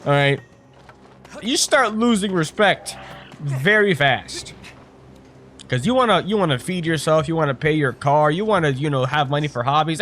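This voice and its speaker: A man's voice: fairly high pitch, lively intonation, moderate pace, soft background music. Profane young man venting over gameplay. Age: 20s. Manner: rambling, profane, venting with sudden loud outbursts. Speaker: gaming streamer. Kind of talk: casual gameplay chat.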